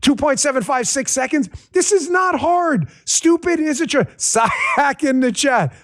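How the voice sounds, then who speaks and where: A man hosts a political talk show in a sarcastic, ranting monologue. His voice sits very high for a man and swoops around a lot. He keeps hammering the same punchlines and calls out to his crew and listeners. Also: expressive, measured pace, fairly bright tone. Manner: talks straight to his audience and crew.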